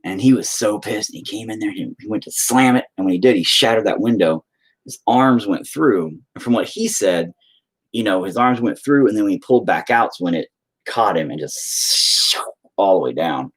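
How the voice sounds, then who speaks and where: A man's voice: fairly low pitch, animated, normal speed, husky. A man telling a rambling, profane story in a casual chat with his viewers. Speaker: streamer.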